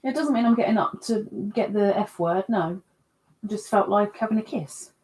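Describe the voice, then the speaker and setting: A woman's voice: mid-range voice, moderate pace, darkish tone. A woman hosting a casual livestream, chatting in a self-mocking way and reading out viewers' comments from a computer mic at home. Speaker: livestream host.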